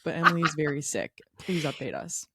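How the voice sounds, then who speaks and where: A woman's voice: sits low, fast talker, very noisy. A woman co-hosting a podcast, bubbly and teasing, with lots of filler words in casual chat. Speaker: podcast co-host.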